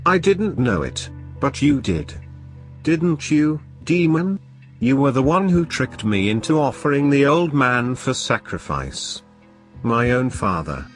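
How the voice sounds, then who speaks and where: A man's voice: medium pitch, sing-song, unhurried, soft background music. A man voicing a grieving young man turned coyote, angry and accusing.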